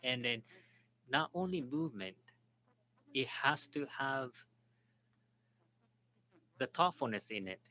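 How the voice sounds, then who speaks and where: Bright-voiced man moderating a panel. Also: medium pitch, expressive, rough recording. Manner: halting, restarts words, relays a speaker's account. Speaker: moderator and interpreter. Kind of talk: symposium panel talk.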